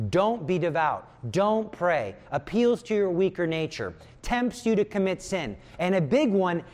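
A man giving a conversational retreat talk, acting out inner voices as he explains. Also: high voice. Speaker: retreat speaker.

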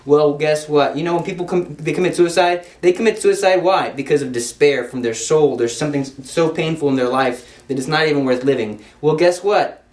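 A man's voice: a little high, brisk, a little mellow. A man preaching an impassioned sermon, driving his points home with repeated rhetorical questions. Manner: emphatic, full of rhetorical questions. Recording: roomy echo.

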